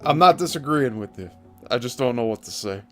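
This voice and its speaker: A man of middle pitch chats in an easygoing way, reading out viewer comments between remarks. Faint music plays underneath. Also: lively intonation, brisk, a bit bright. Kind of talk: casual chat.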